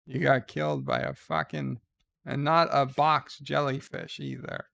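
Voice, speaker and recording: A man's voice: mid-range voice, flat delivery, measured pace, creaky, a bit bright. A man hosting a casual live stream, reading viewer letters aloud and ranting crudely, with lots of fillers and restarts. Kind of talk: casual rambling chat.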